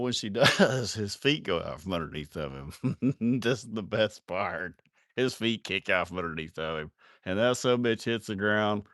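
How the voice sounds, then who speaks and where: Guy telling wild bar stories, swears a lot, laughs thru them, kinda low voice, dry no room sound. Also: a bit bright, no echo. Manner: rowdy, profane, laughing through his stories. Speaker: live streamer telling stories. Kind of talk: casual storytelling.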